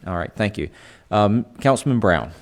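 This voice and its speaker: A man with a lowish voice runs a council meeting as mayor. He moves briskly from speaker to speaker and keeps saying "all right" as he goes. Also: animated.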